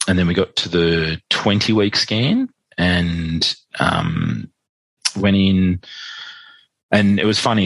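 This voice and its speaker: A man's voice: low voice, creaky, a bit bright, husky, no room sound. A father who is a podcast guest, telling a personal story in a chatty way, re-enacting dialogue with lots of "like" fillers.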